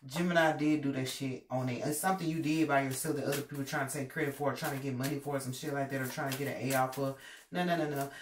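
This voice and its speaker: Animated woman doing a tarot reading, cursing a lot, mic far off, faint hiss behind. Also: very deep voice, fast talker. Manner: animated, profane, emphatic. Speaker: tarot reader. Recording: roomy, distant mic, faint noise.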